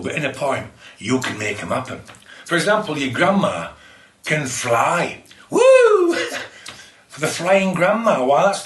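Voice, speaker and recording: A man's voice: mid-range voice, fairly bright tone, a little hiss or hum. A man running a playful poetry lesson for children, exclaiming and laughing as he shares tips. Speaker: children's poet. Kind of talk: lively poetry workshop for children. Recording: echoey room.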